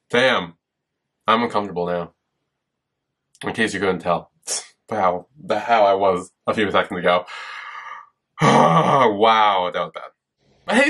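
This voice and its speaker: A man's voice: lowish voice, a bit bright. A man hosting a reaction video, giving flustered, groaning running commentary with frequent swearing, recorded on his own camera at home.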